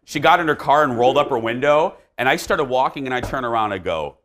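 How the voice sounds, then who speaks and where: A man's voice: medium pitch, fast talker, fairly bright tone. A man hosting a talk show, telling a story in casual chat and acting out the dialogue.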